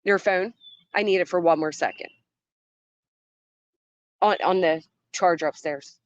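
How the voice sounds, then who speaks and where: A woman hosting a commentary livestream reacts to a clip, says hello to people in chat, and tears into what she hears with a skeptical, argumentative edge. Her voice is lowish and a little slow, and the lo-fi recording has no room sound.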